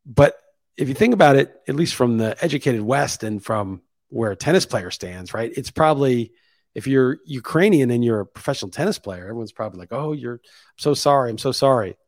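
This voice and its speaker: A man of ordinary pitch talks through his views in a loose, musing monologue. He thinks aloud and climbs higher and louder to hammer home a point. The sound is dry and close, with no room echo. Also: expressive, fairly quick. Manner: opinionated, thinking aloud, rising emphasis on key points. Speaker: podcast host. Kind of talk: casual opinion monologue.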